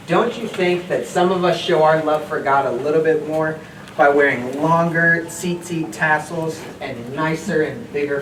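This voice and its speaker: A man playing a boastful pharisee in a church children's skit, slow and self-satisfied. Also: fairly high pitch, lightly acted. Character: boastful male pharisee, proud of his piety. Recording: echoey, distant mic, noisy room.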